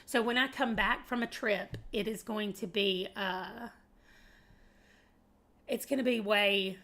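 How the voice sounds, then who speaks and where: A woman's voice: mid-range voice, takes it slowly, sharp tone. A woman from Arkansas with a Southern US accent, chatting casually to her viewers in a rambling way, laughing often and calling them y'all. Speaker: booktuber. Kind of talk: casual chat to camera.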